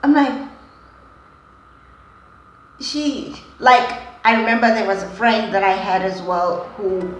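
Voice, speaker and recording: A young woman vlogger telling an emotional story dramatically, swinging between hushed and loud, often calling the viewers guys. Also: mid-range voice, steady tone, slow, long pauses, roomy sound, low-quality recording.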